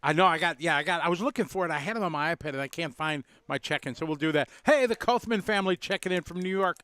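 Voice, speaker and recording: A chatty man calls a model car race in a loose, rambling way, greeting viewers one by one. His voice sits a little high and comes through smooth and clear. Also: quick pace, bright, forceful tone, no room sound. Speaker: race commentator and driver. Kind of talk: casual live race commentary.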